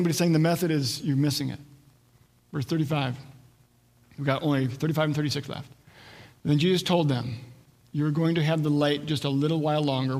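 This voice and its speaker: Pastor, male, slightly higher voice, preaching a sermon with a long hall echo. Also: vocal fry. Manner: expository preaching, acts out quoted voices.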